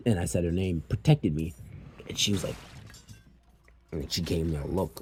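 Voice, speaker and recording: A young man casually telling a personal story, animated and swearing freely. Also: low-pitched, moderate pace, pauses often, husky. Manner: animated, swearing, tearful at times. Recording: faint background noise.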